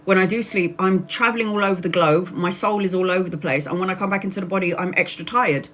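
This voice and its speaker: A woman's voice: fairly low pitch, quick pace, fairly bright tone, slight background noise. A woman from Brazil, a tarot reader telling personal stories on a livestream in a chatty way, laughing often and acting out other people's voices. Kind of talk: casual personal storytelling.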